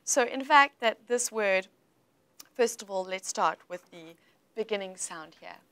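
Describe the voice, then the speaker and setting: A woman coaching English pronunciation in a livestream chat, playful and teacherly, modelling words slowly and repeating them. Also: medium pitch, lively intonation, a bit bright, smooth.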